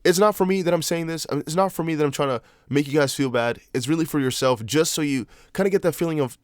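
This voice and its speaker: A young man who isn't a native English speaker hosts a casual crypto livestream, talking quickly in a fairly high voice. Loosely chatting, he responds to viewer comments with restarts and apologetic asides, recorded in studio quality with no echo.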